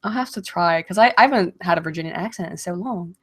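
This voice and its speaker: A woman casually chatting on a livestream Q&A, getting over a cold and clearing her throat, laughing often and swearing freely. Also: fairly low pitch, fast, fairly bright tone. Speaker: streamer answering viewer questions.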